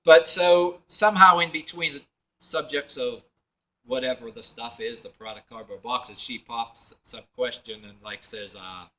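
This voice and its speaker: A man's voice: medium pitch, unhurried, bright, forceful tone, rough recording. A man telling a personal story to camera in a meandering way, full of fillers and restarts, acting out what others said. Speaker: video blogger.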